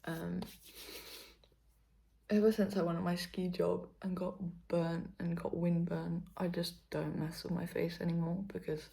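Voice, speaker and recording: A woman's voice: lowish voice, little pitch movement, measured pace, gravelly, dark tone. A young British woman chatting casually to camera in a vlog, rambling and correcting herself, sometimes dropping to a whisper. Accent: British English. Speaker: vlogger.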